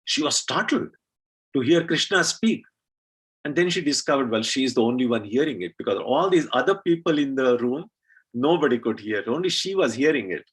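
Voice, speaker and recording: A man with a husky, mid-pitched voice tells a devotional story at a temple gathering. He speaks in an unhurried way, often pausing on fillers. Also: animated, poor audio. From India. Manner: unhurried telling with frequent uh fillers.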